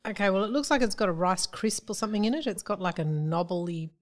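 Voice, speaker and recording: A woman's voice: medium pitch, expressive, fast. A woman co-hosting a casual taste-test chat, wry and teasing, with blunt verdicts. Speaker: co-host.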